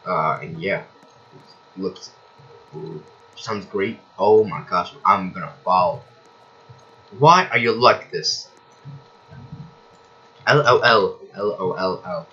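A young man casually commenting on his gameplay, excitable and yelping with surprise. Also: sits low, takes it slowly, pauses often, dull audio. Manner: excitable, shouts and yelps of surprise. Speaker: gaming streamer.

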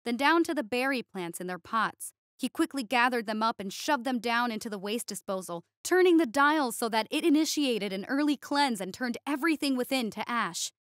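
A woman reading a scripted science fiction story in an even storytelling delivery. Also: fairly high pitch, no echo, studio quality. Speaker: story narrator. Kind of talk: scripted sci-fi story narration.

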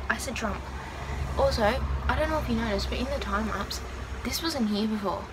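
Chatty young woman vlogging over loud noise. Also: on the high side. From Australia. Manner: chatty, rambling, lots of "like" fillers. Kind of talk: casual get-ready-with-me vlog.

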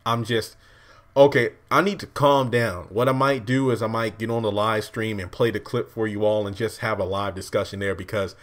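A man recapping a TV episode in an excited, rambling, emotional way, addressing his viewers directly. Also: on the low side, normal speed. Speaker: TV show recap vlogger.

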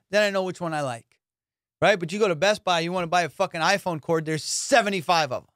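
A man's voice: high voice, fairly bright tone, clear, resonant tone, no echo, studio quality. A man hosting a podcast, chatting casually and telling stories full of swearing and laughter. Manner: profane, storytelling, laughs often. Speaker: podcast host. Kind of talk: casual chat.

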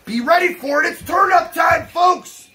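A man hosting a home unboxing vlog, hyping every item with loud, shouted catchphrases in a collection room. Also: very high-pitched, unhurried, over loud music.

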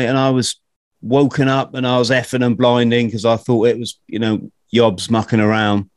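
A man hosting a podcast interview, talking casually in halting bursts with many restarts. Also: mid-range voice, flat delivery, clean tone, no room sound. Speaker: podcast host.

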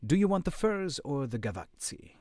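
A man's voice: a little high, normal speed, dry recording, studio quality, voice pushed up. A man doing a blunt young creature lord. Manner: flat, blunt.

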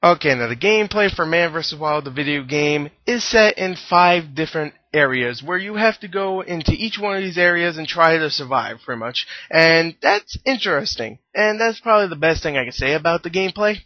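A man's voice: a little high, expressive, brisk, few pauses, dry recording, lo-fi sound. A man giving a casual, blunt spoken game review, ranting and swearing freely. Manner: blunt, profane, exasperated ranting.

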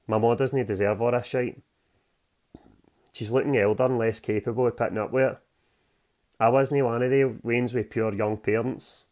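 A man's voice: lowish voice, steady tone, moderate pace, a little mellow. A young Scottish man, the author, reading from his novel in a gritty, plain-spoken way full of slang.

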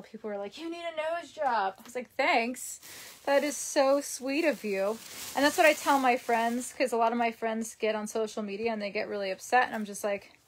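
A young woman chatting casually at home, answering live comments in a rambling way with lots of ums. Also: on the high side. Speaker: vlogger reading live comments. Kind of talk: casual live-stream chat. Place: her home.

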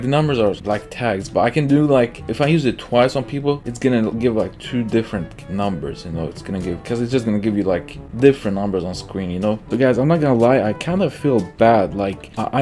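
A young man talks over his gameplay in loose, slangy chatter, repeating himself and breaking into laughs. His voice is warm and mellow, pitched in a middle range. Faint guitar music plays underneath. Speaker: gaming YouTuber. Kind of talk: casual gameplay commentary.

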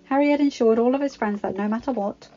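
Woman, audiobook narration, steady, fairly high, slightly muffled sound. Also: quick pace. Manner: steady, plain storytelling. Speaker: fanfiction reader. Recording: slightly dull home recording.

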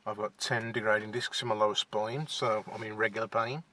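A man's voice: on the low side, level tone, fairly quick, pushed and bright. Shy Midlands man vlogging from his car. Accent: West Midlands (Wolverhampton). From England. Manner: shy, hesitant, many fillers and restarts. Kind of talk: casual to-camera chat. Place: inside a parked car.

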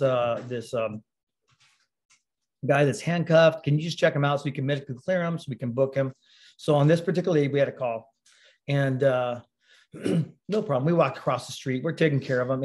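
A man giving a sermon, telling a personal story in a conversational way, often clearing his throat. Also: mid-range voice, darkish tone. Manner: conversational storytelling, acts out quoted voices; frequent throat clearing and fillers. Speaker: preacher.

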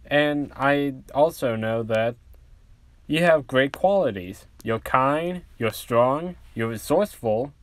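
A man voicing a loving, fussing mother who speaks gently and reassuringly to her son in a fan-made story. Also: mid-range voice, animated, slow pace, no echo. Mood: tender. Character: doting loving mother, adult woman.

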